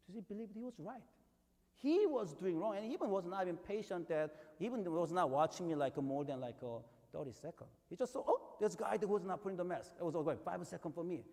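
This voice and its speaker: A man's voice: high-pitched, lively intonation, fairly quick, warm tone. A male pastor with a Korean accent giving a sermon in a conversational, storytelling way, with emphatic peaks. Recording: long hall reverb.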